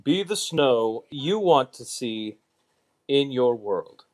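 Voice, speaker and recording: A man doing an impression of a well-known male politician in a lowered, slow, deliberate voice during a casual live stream. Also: expressive, darkish tone. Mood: mock-presidential.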